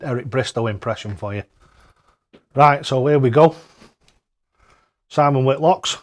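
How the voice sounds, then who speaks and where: Fifties man, darts streamer, chatty, jokey, quick to laugh, loud greetings, mid-pitched. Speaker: darts live-stream host. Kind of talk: casual live-stream chat.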